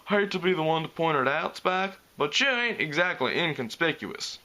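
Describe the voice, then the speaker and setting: A man voicing a big, easygoing country stallion with a slow rural drawl. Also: a little high, lively intonation, sharp tone, pitched above the performer's own voice.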